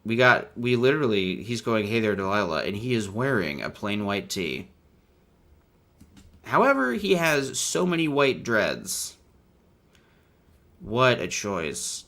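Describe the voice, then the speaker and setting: A man's voice: medium pitch, very animated, slow pace, creaky, pauses often, fairly bright tone. A man hosting a casual, irreverent comedic commentary, laughing often as he talks. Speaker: host.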